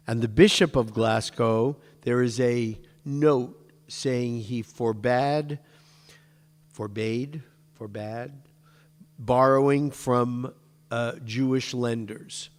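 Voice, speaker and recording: Male class teacher, slow and chatty, mid-pitch, recorded in a reverberant hall. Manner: chatty, digressive, jokes with the class. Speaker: synagogue teacher. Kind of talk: informal lecture to a class. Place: synagogue classroom.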